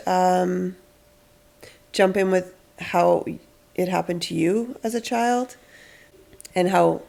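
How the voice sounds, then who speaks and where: A woman counsellor hosting a podcast, explaining calmly and acting out what parents say. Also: lowish voice, vocal fry. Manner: explains patiently, acts out parents' lines. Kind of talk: casual advice chat.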